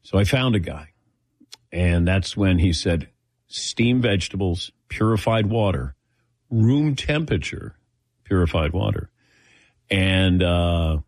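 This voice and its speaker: Middle-aged guy host, lowish voice, dry close sound, just chatting and doing little voices for people he quotes. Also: no echo. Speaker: host taking audience questions. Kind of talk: casual storytelling.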